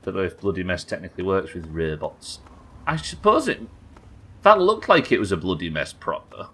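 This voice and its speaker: A man, low in pitch yet bright and forward in tone, commentating a live game stream. His delivery swings up and down as he trades wry, sweary banter with his chat. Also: very animated, normal speed, slightly rough.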